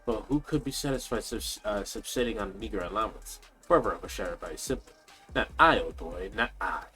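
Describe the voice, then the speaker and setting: A man's voice: fairly low pitch, lively intonation, fairly quick, sharp tone, soft background music. A man voicing a vain, boastful young nobleman with a pompous, theatrical manner.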